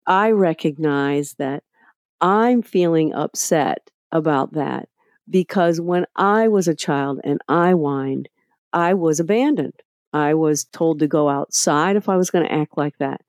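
A woman's voice: low voice, unhurried, no room sound, clean studio sound. Candid middle-aged woman telling stories. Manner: candid and animated, acting out past scenes. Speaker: guest, parenting educator. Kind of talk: casual storytelling in a podcast interview.

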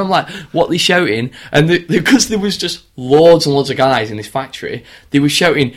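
A man's voice: a little high, animated, brisk, few pauses. A young man in casual chat, rambling through sweary tour stories and laughing as he goes. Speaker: touring band musician telling stories. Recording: crowd noise behind.

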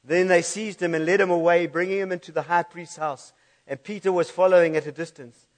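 A man's voice: high voice, fairly even intonation, fairly quick. A man preaching a sermon in a church, reading scripture aloud and laughing at his own slip-ups.

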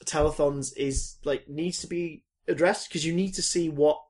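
A man's voice: fairly high pitch, fairly even intonation, moderate pace, a little mellow. A man co-hosting a podcast, chatting casually in rambling, sweary bursts that sometimes speed up. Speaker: podcast co-host. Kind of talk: casual chat.

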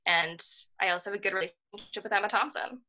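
Talking quickly in a sharp, mid-range voice, this podcast co-host chats casually, wandering from point to point with frequent "like"s and "um"s. She comes across as earnest and enthusiastic, though the recording is low-quality.

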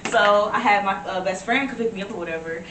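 A woman, telling stories in a casual chat and breaking into excited shouts. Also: mid-range voice, fast. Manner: animated storytelling, bursts into excited shouts. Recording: roomy, distant mic, noisy.

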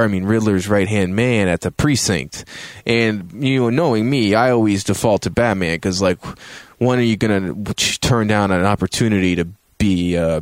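Man, low voice, dry close sound, casual game review, swearing, animated retelling. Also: no echo. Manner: profane, animated storytelling. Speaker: host.

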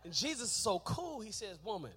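A man preaching a sermon, shouting his points and joking with the congregation in a church. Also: sits high, animated, moderate pace.

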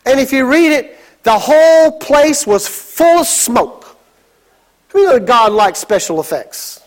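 A man preaching a sermon as pastor, with a dramatic delivery that swings into shouted exclamations. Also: very high voice, animated, slow pace.

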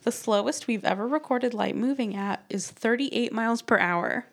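A woman co-hosting a casual podcast, reading out a list of fun facts in a deadpan way. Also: a little high, normal speed, vocal fry. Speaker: podcast co-host.

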